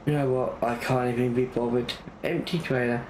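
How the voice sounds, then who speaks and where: A man's voice: mid-range voice, flat delivery, normal speed, few pauses, a little mellow, roomy sound, slight background noise. A man with an English accent giving casual gameplay commentary, grumbling and exasperated as he talks. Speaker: gaming channel host.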